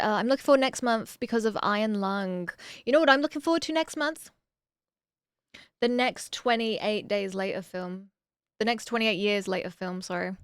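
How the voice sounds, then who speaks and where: A woman streaming casually, reading viewer messages aloud and answering them with bursts of excitement. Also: mid-range voice, clear, resonant tone, dry recording, clean studio sound.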